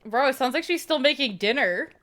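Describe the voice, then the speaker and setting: A woman's voice: high-pitched, lively intonation, a little fast, pushed and bright. A woman guest streamer bantering playfully and laughing as she plays a game. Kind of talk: casual game-stream chat.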